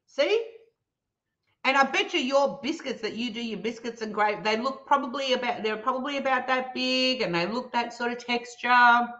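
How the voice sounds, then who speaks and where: An Australian woman talks through a casual live stream, teasing her viewers and laughing often. Her voice is bright and sharp. The stream audio sounds somewhat dull and lo-fi. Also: fairly high pitch, moderate pace. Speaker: livestream host reading chat.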